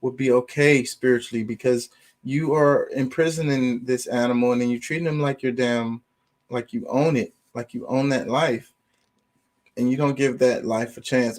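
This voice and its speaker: A man talking casually and profanely about pets, rambling with lots of fillers. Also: medium pitch. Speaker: streamer. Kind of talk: casual opinion talk.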